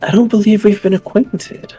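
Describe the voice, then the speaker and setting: A man voicing a sultry, poised woman who runs the city's criminal underworld, speaking in a low, soothing, teasing voice during a tabletop game. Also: flat delivery, normal speed, warm tone, breathy edge, faint music behind. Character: sultry woman crime boss, innkeeper. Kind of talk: tabletop role-play.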